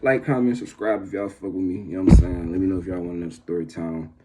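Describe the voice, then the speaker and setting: A man's voice: steady tone, fast talker, noisy background. A man casually telling a story to his viewers, slangy and rambling, with many restarts. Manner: gets loud and high when the story turns tense.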